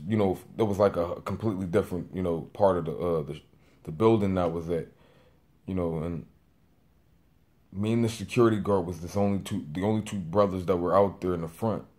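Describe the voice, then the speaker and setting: A young man in his twenties with a lowish voice gives a personal testimony to camera. He wanders through his story, circling back and restarting, full of casual fillers. He calls himself a loud talker who keeps trying to rein it in. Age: 20s. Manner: rambling, with many fillers and restarts; says he is a loud talker working on voice control. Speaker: vlogger.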